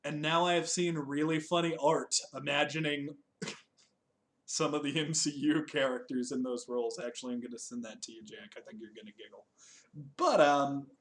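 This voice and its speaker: A man's voice: fairly high pitch, steady tone, moderate pace, fairly bright tone. A man co-hosting a casual chat reviewing a TV special, laughing often, swearing and joking at his own expense. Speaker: podcast co-host.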